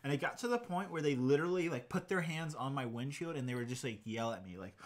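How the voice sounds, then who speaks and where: A man's voice: mid-range voice, animated, quick pace. A man in his twenties hosting a livestream, telling a rambling story with lots of fillers. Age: 20s. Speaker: livestream host. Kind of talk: casual livestream chat.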